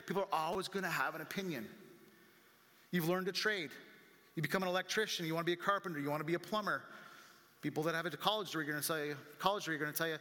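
Bright-voiced man preaching in a reverberant hall. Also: quick pace. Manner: conversational preaching, acts out voices of critics; rises higher and louder when animated. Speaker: pastor. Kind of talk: sermon. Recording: long reverb from a large room.

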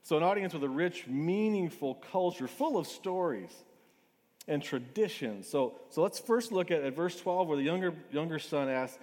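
A man preaching a sermon in a relaxed, conversational way, often restarting his phrases. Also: on the high side, normal speed. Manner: conversational, with frequent restarts and asides. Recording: reverberant hall.

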